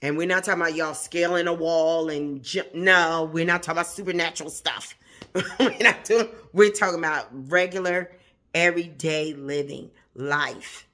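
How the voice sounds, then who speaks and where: Speaking at a moderate pace in a low, steady, fairly bright voice, a female plant-channel host gives her viewers a casual pep talk. She repeats phrases to stress them and frequently chuckles partway through sentences.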